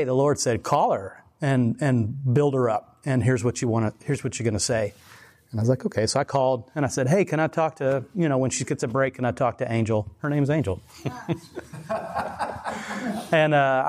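A man's voice: medium pitch, darkish tone. A man preaching in a casual, conversational sermon style, telling stories with many restarts and laughing at himself. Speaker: pastor.

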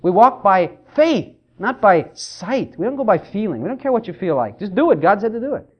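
A middle-aged male pastor delivers a sermon in a church, his voice pitched high and swinging widely in melody. He slips into quoted voices of churchgoers as he makes his points. The recording is dull and lo-fi. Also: sing-song, fairly quick.

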